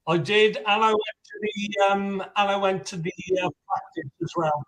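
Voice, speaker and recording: An English man, long settled in Western Australia, calls into a live stream with a slight Australian twang in his accent. His voice is high for a man, and he speaks haltingly. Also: fairly bright tone. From England, living in Western Australia. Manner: hesitant, halting speech. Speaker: caller.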